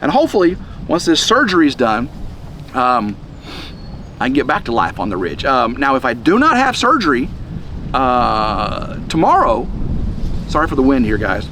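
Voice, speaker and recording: A man's voice: mid-range voice, big pitch swings, bright, forceful tone, slight background noise. Rambling man vlogging outdoors. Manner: rambling, halting, many restarts. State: chest congestion. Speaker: vlog host. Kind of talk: casual rambling vlog. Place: outdoors in the wind.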